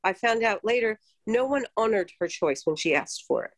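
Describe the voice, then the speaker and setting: A woman's voice: medium pitch, moderate pace, dry recording, rough recording. Woman midwife host, earnest storyteller, dead-dry close mic. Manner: earnest, reflective, lively retelling. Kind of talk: casual chat, storytelling.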